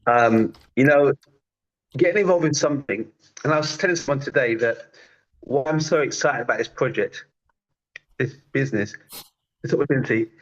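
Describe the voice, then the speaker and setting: A man giving a chatty, animated testimonial on an online group call, with lots of fillers. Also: mid-range voice, moderate pace, pauses often. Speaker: network marketer giving a testimonial. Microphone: video call. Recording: dull lo-fi video call audio.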